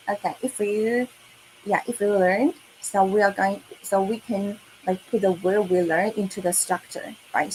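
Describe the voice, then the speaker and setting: Lady teaching to kids, super slow and patient, faint hiss behind. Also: medium pitch, poor audio. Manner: slow, patient, repeats words and checks with "okay?" and "right?". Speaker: Mandarin teacher. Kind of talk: online kids' language lesson.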